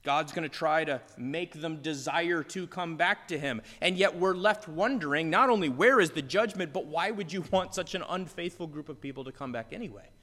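A male preacher delivers a passionate sermon in a fairly high voice, building into exasperated outbursts. His words carry a long hall reverb, as in a church sanctuary. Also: moderate pace, few pauses, sharp tone. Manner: impassioned, rising to exasperated outbursts. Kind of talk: expository sermon.

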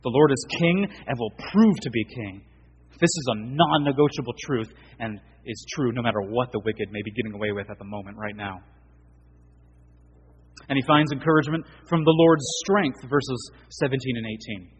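A man preaching an earnest sermon as pastor, his voice swelling for emphasis and dropping low and soft. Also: moderate pace, husky, dull audio.

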